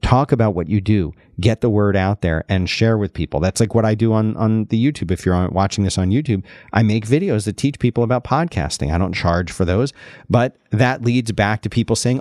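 A man hosting a podcast, chatting casually in an animated way and often restarting his sentences. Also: on the low side, fairly quick, no echo, studio quality. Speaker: podcast host.

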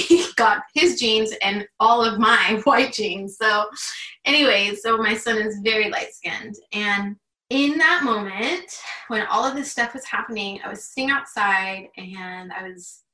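A woman's voice: mid-range voice, bright, forceful tone, reverberant, distant mic, poor audio. A woman in her thirties talking earnestly and openly in a candid conversation, with plenty of "like" fillers. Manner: earnest, heartfelt, chatty with many "like" fillers. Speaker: guest.

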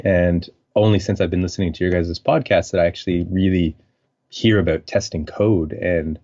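A very deep-voiced man from French Canada, a scientist guest on a podcast. He thinks aloud in long, rambling turns full of fillers, and his voice comes through muffled and lo-fi. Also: a little mellow. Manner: thoughtful, rambling, frequent fillers. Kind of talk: conversational interview.

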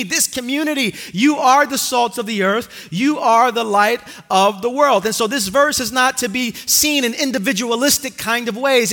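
A male pastor preaching a sermon in a church, earnest and emphatic, slowing down to stretch out key phrases. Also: very high-pitched, bright, forceful tone. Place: church sanctuary.

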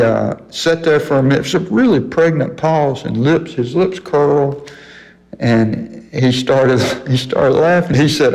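A man's voice: fairly high pitch, expressive, a little slow, darkish tone, big-room sound, rough recording. An older man telling a story on a radio talk show, folksy and chuckling often.

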